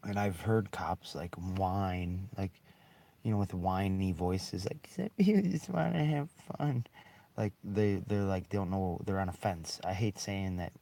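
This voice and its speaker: A man's voice: low-pitched, flat delivery, a little slow, warm tone. A man in a rambling, bitter monologue, swearing heavily and breaking into short laughs. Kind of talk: angry monologue.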